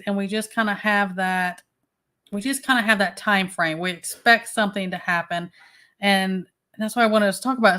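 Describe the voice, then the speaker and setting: A woman's voice: medium pitch, fairly bright tone. A woman hosting a casual livestream, chatting and greeting viewers one by one by name. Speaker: livestream host.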